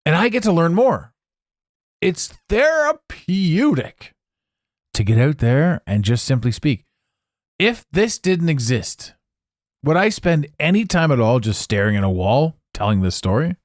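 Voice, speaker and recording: A man hosting a solo podcast, rambling in a jokey, animated way into a close microphone. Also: on the high side, normal speed, no echo. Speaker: podcast host. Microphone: close studio mic.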